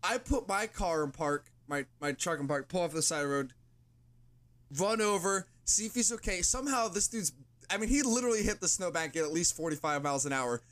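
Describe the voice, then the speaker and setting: A man with a slightly high voice co-hosts a casual podcast. He tells his stories loosely, with lots of restarts along the way. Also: animated, brisk, fairly bright tone. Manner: rambling storyteller with restarts. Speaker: podcast co-host. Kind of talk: casual chat.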